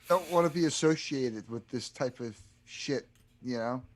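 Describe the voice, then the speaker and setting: A man with a Delaware County Philadelphia accent, co-hosting a podcast in relaxed casual chat, leaning on "you know" fillers. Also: mid-range voice, normal speed, slight background noise. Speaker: podcast co-host.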